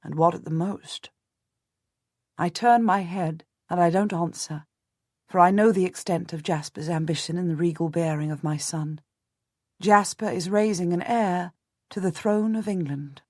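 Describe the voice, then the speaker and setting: Female audiobook narrator, measured and restrained delivery, low register, dry studio sound. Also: darkish tone, no echo. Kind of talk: first-person audiobook narration.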